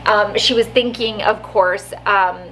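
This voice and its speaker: A woman's voice: mid-range voice, fairly even intonation, unhurried, a bit bright, a little hiss or hum, low-quality recording. A woman vlogger telling a story in a chatty way, laughing often and saying "like" a lot. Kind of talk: casual storytelling vlog.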